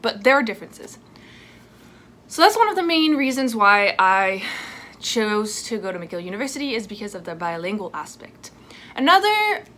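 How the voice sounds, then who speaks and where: A woman in her twenties from France, talking casually in a sit-down vlog at home, chatty and lively with asides. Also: fairly high pitch. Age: 20s. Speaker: vlogger. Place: home indoors. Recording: faint dishwasher noise at home. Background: dishwasher noise.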